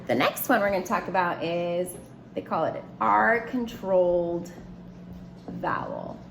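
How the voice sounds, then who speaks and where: A woman's voice: on the low side, big pitch swings, measured pace, gravelly, fairly bright tone, slight background noise. A woman teaching a phonics lesson, writing words and explaining each one step by step in a patient way.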